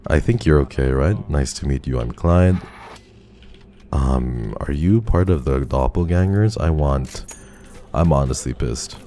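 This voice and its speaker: A man's voice: rumbling low, lively intonation, measured pace, mellow, a little hiss or hum. A male streamer giving live commentary on a game, talking to his chat and swearing in frustration.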